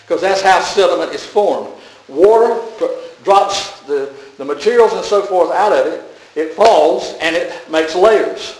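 Male pastor, slightly higher voice, folksy sermon delivery with chuckles, echoey church. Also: measured pace, a little mellow. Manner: folksy preaching with chuckles and restarts.

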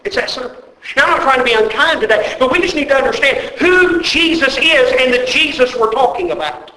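Male preacher, very high voice, emphatic sermon, rhetorical questions, echoey church. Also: lively intonation, a little fast, sharp tone. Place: church sanctuary. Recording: roomy church echo.

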